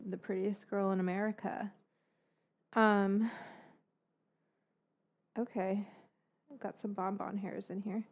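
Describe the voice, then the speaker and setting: A woman's voice: medium pitch, little pitch movement, slow, pauses often, dull audio. Rambling woman on a livestream. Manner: rambling, swears freely. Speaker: livestream host baking from her cookbook. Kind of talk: casual livestream chat.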